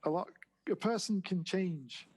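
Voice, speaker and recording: A man discussing a film casually, explaining his view in a measured way. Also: high voice, darkish tone, husky. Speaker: film review podcast co-host.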